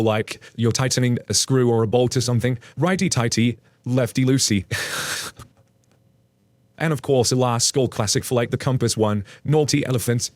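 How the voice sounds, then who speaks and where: A man's voice: mid-range voice, a little mellow, no room sound. A British man casually reading out and joking about online posts, chatty and laughing often. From United Kingdom. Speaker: reddit story reader.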